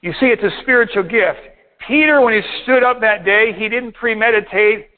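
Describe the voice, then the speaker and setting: A man with a high-pitched voice preaches to his congregation as their pastor, reading out verses and explaining each one in turn. He slows down to stress his key points. The sound is thin and tinny, like a phone line. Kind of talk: sermon.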